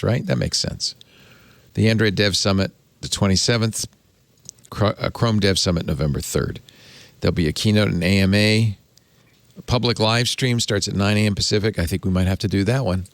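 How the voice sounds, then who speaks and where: A man's voice: lowish voice, moderate pace, gravelly, no room sound. A man hosting a casual tech podcast panel, running through news items with chuckling asides. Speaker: podcast host.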